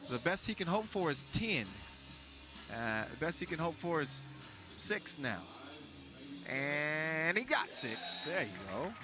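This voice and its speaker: A man calling live basketball play-by-play in a casual, joking way, full of fillers and restarts. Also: high voice. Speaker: sports commentator. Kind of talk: live sports commentary. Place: basketball event venue.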